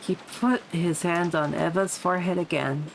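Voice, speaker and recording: A woman's voice: fairly low pitch, fairly even intonation, normal speed, creaky, a little hiss or hum, low-quality recording. Young woman streamer reading a visual novel. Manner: swearing, laughing asides. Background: background music and rain.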